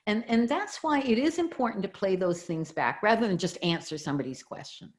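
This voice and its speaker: A woman's voice: mid-range voice, brisk. A middle-aged woman, a communication expert, explaining her ideas as a guest in an interview and walking through examples. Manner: animated, teaching with examples.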